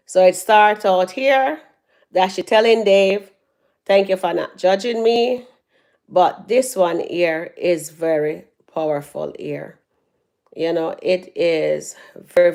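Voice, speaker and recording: A woman doing casual live-stream commentary on her phone. She chats with her viewers, reads out their comments and breaks into loud laughs. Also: lowish voice. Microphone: phone held at arm's length.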